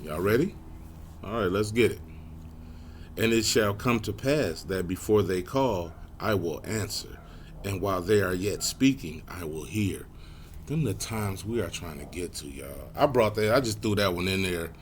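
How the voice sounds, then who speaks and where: Low-voiced man teaching scripture, animated. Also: slight background noise. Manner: slows right down to read scripture aloud; lively pitch jumps with soft trailing tag words. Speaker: Bible teacher. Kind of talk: Bible study lesson.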